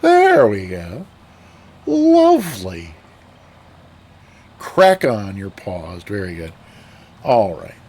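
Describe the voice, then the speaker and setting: A man's voice: lowish voice, wildly swooping pitch, extremely slow, pauses often, a little mellow, slightly rough. A man streaming a flight sim, chatting casually with viewers, rambling with fillers and restarts. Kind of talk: casual live-stream chat.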